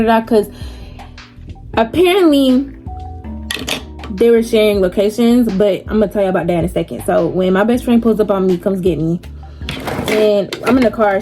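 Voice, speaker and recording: A woman's voice: on the high side, warm tone. A young woman telling a story casually while doing her makeup, chatty and slangy, laughing often. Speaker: vlogger.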